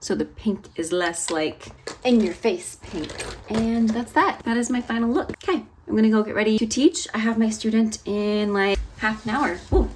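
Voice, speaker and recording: Young woman doing her makeup on camera, chatty and gushy, gets excited about every shade. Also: a little high, normal speed, noisy background. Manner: gushing, chatty, easily excited. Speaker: vlogger and ballet teacher. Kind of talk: casual makeup vlog chat. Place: home, sitting on the floor.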